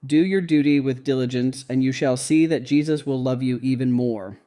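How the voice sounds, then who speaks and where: A man voicing a gentle, admonishing male guardian angel in a read-aloud devotional story, speaking softly. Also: mid-range voice, normal speed, natural voice. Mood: gently admonishing.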